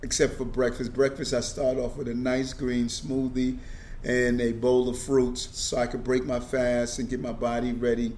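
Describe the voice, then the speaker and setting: A man's voice: medium pitch, monotone, normal speed, a little mellow. Earnest man, middle-aged, faint hiss. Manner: earnest, repeats words when starting sentences. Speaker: interview guest. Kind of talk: casual conversation.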